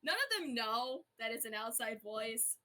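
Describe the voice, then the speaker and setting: A woman's voice: a little high, big pitch swings, a little slow, pushed and bright. A woman running a roleplay as game master, narrating with a chatty, giggly, playful manner over a voice call. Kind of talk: narrating a tabletop-style roleplay.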